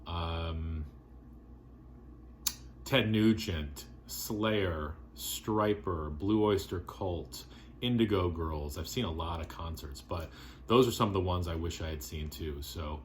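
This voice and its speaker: A man vlogging casually about his favorite records, relaxed and rambling with lots of fillers. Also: deep voice, slow, slight background noise. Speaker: vinyl collector vlogger.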